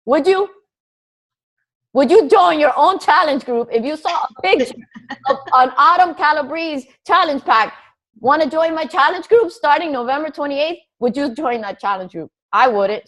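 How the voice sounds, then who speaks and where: A woman coaches her team in a blunt, profane pep talk on a group call. Her voice sits a little high. She talks plainly and pushes her listeners hard. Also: poor audio.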